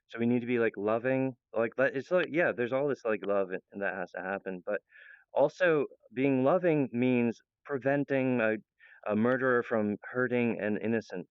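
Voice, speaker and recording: A young man talks in a long, wandering monologue, chuckling often and restarting his sentences. His voice is smooth and resonant at a middling pitch. The recording is dull and lo-fi, with no room echo at all. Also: moderate pace. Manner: meandering, laughs often, many restarts. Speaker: channel host. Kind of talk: rambling monologue. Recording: dull, lo-fi, dry sound.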